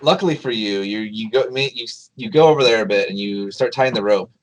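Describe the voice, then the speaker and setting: Low-voiced male game master. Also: a little fast, poor audio. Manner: hesitant, many restarts and fillers. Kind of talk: narrating a tabletop game.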